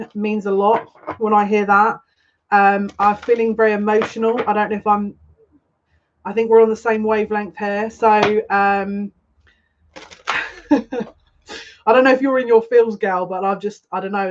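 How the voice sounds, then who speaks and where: A woman hosting a casual live psychic reading stream, chatty and rambling, greeting viewers by name. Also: medium pitch. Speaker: psychic tarot reader. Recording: dull lo-fi stream audio with faint noise.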